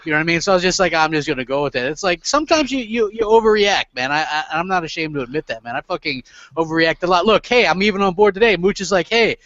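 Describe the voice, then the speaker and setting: A high-pitched man hosting a gaming podcast, brash and swearing as he tells his stories. The sound is dull and close, with almost no room. It has the feel of a home podcast mic. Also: lively intonation, fast talker, fairly bright tone, dry recording. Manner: profane, boisterous storyteller. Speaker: podcast host. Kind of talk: casual podcast chat.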